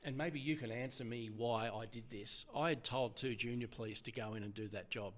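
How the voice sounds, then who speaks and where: A middle-aged man with an Australian accent, a former police officer telling his story as an interview guest, halting and emotional, often restarting his sentences. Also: steady tone. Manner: halting, restarts often, voice drops low when quoting others. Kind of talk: candid personal storytelling.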